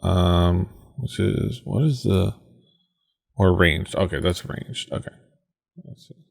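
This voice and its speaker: A man's voice: sits low, slow pace, gravelly, breathy edge. A man running a tabletop game as game master, narrating with many hesitations and restarts.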